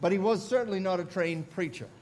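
A male pastor telling a story in a sermon, deliberate and narrative, building on repeated phrases. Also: high voice, darkish tone, slight background noise. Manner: deliberate, narrative, repetitive cadence.

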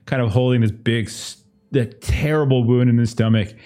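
A man's voice: mid-range voice, fairly even intonation, normal speed, dark tone. A man narrating as game master of a tabletop game, casual, with many fillers and restarts.

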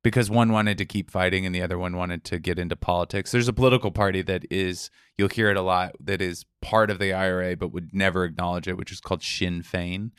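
Very deep-voiced man, casual podcast host. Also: fairly even intonation, fairly bright tone, clean tone, no room sound, studio quality. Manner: loose, profane storytelling with quick asides. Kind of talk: casual explanatory chat.

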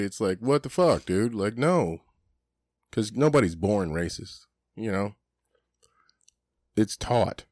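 Blunt, swearing man with a low voice. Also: no room sound, clean studio sound. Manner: blunt, profane, rambling with many "you know"s. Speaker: podcast co-host. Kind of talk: casual chat.

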